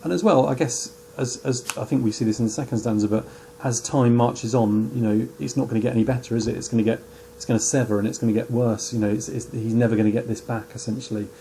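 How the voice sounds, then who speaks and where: A man's voice: mid-range voice, fairly even intonation, fast, dark tone, slight background noise. A man discussing a poem in a chatty way, with many fillers and tag questions. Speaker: teacher. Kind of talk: poetry analysis discussion.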